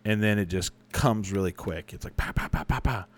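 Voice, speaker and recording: A man's voice: fairly low pitch, a little fast, faint music behind. A young adult man chatting casually as a podcast host, answering listener questions with rambling, profane, self-correcting stories. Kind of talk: casual chat.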